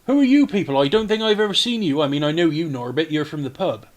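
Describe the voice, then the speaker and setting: A man voicing a frazzled, wounded middle-aged male mayor who speaks high and breathless. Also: expressive, fast talker, close to an everyday voice. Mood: flustered.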